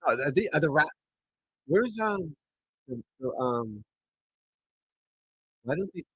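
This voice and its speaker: A man hosting a casual golf livestream, talking loudly, swearing and rambling as he chats with viewers. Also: fairly high pitch, sing-song, takes it slowly, a little hiss or hum, low-quality recording. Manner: loud, swearing, rambling and frustrated. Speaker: golf pro livestream host. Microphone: desk mic at computer.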